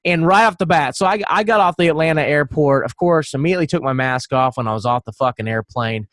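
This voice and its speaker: Profane, rambling podcast man with a higher voice. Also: fast, a bit bright, dry recording, clean studio sound. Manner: rambling, profane storytelling with frequent laughs. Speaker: podcast co-host. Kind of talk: casual podcast chat.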